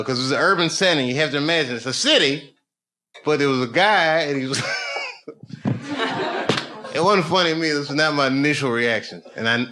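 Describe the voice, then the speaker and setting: A middle-aged man doing stand-up comedy, telling a story with animated swings between low muttering and loud punchlines, at a live venue with an audience. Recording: live show with crowd noise. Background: audience laughter.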